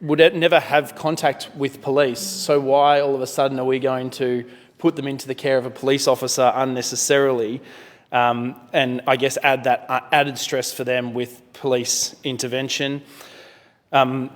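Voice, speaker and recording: Australian male politician, mid-pitched, addresses the chamber with a long room echo, measured and full of fillers. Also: level tone. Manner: measured, many fillers and self-corrections. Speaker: member of parliament. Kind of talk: parliamentary speech. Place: parliament chamber.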